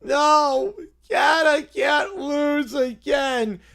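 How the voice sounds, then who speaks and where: A man's voice: very high-pitched, measured pace, a bit bright, full character voice. A man voicing a sulky, tearful bald little boy who whines and cries as he complains. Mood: sobbing. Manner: whining, crying outbursts.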